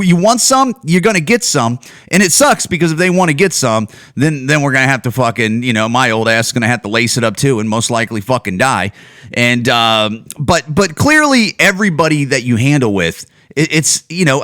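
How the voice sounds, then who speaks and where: A man rants through his own podcast, profane and rambling, restarting his thoughts often. His pitch swings widely as he talks. The recording is dry and close. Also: a bit bright, dry recording. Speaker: podcast host. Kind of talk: casual rant.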